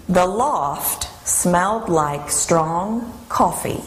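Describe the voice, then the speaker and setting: Slow, deliberate woman coaching pronunciation. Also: lowish voice, lively intonation. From United States. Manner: slow, deliberate, repeating each word twice. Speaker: dialogue coach. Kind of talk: instructional pronunciation drill. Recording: roomy online video clip with faint background noise.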